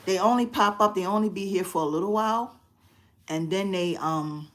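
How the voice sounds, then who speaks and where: A middle-aged woman chatting casually on a phone live stream from a quiet room at home, expressive and quick to laugh. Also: mid-range voice. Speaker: craft channel host. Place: quiet spare bedroom at home.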